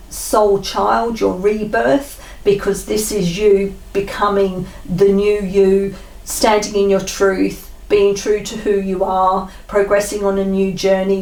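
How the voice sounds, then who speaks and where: Woman card reader, slow and gentle oracle reading, roomy sound, mic set back from her. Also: medium pitch, creaky, far from the mic. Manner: slow, gentle, pausing with fillers.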